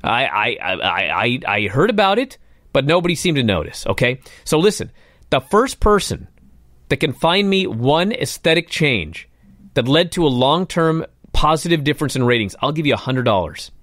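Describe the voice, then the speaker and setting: A man's voice: medium pitch, very animated, normal speed, a bit bright, dry recording. A man hosting a talk radio show, ranting in a fired-up, exasperated way.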